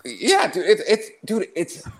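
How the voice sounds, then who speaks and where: A man hosts a podcast, ranting in a brash, mocking way and laughing often through casual, profane chat. His high-pitched voice swings widely in pitch, and he speaks at a measured pace.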